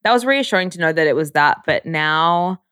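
A young woman talking candidly in a relaxed chat, her voice sitting a little low. She rambles warmly with plenty of "like" fillers. The sound is dry and close. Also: brisk, smooth, no room sound. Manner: chatty, frequent "like" fillers, candid. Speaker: podcast co-host. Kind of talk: casual chat.

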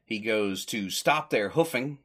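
A podcast host recaps an old comedy short loosely and conversationally, rambling, correcting himself and chuckling along the way. His fairly low voice has a bright, forceful edge, a slight roughness and lively intonation, and he speaks a little slowly.

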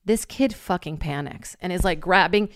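Woman guest, lower voice, close dry sound, rambling story full of "like" and loud quoted asides. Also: moderate pace, no room sound. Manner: animated, swears freely, acts out quoted lines loudly; heavy use of filler "like". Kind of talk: casual storytelling.

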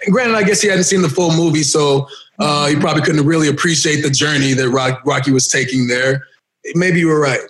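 A man's voice: on the high side, a little fast, a bit bright. A man co-hosting a podcast, joking and laughing in playful banter. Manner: playful, laughing, mimicking others. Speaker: podcast co-host.

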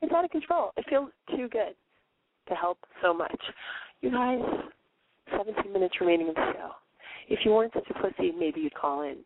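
A woman with a hoarse voice hosting a call-in radio show, chatting in a brash, profane and playful way. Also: mid-range voice, lively intonation, fairly quick, background noise. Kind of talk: casual call-in radio chat. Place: bedroom, on the floor. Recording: dry, phone-like narrow sound.

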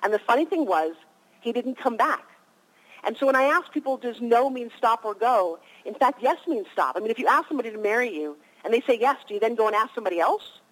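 A woman's voice: on the high side, lively intonation, quick pace, rough recording. A woman in her fifties, a guest on a radio interview, telling stories with energy and animation.

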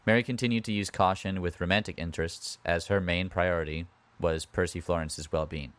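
Low-voiced man telling history casually. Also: steady tone, fairly quick, fairly bright tone, no room sound. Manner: conversational, with asides and wry comments. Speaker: podcast host.

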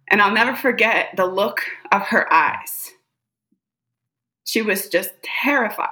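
A woman guest on a podcast, recounting a personal experience in an expressive, animated way, often adding "like" and "right?". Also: medium pitch. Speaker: podcast guest, psychic medium. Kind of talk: personal storytelling in conversation.

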